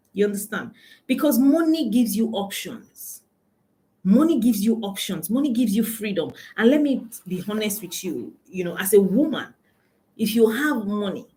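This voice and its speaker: A Nigerian woman coaching her audience about money. She talks emphatically, repeating her main points and firing questions at her listeners. Her voice sits at an ordinary middle pitch for a woman. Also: a little mellow. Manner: emphatic, repeats key lines, asks the audience; laughs often while telling anecdotes. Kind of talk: motivational talk to an audience.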